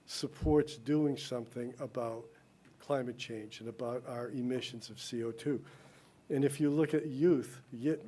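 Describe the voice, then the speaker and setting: A man's voice: medium pitch, dark tone, slightly rough. A man with a slight lisp giving an earnest public comment at a town council meeting, explaining a policy idea with frequent restarts.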